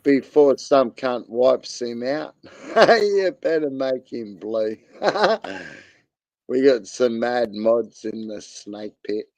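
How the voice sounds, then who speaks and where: Australian bloke streamer, drawling and gravelly, crude laid-back banter, dry close sound. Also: male voice, mid-range voice, lively intonation, takes it slowly, a little mellow, no echo. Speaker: livestream host. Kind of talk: casual chat while gaming on stream.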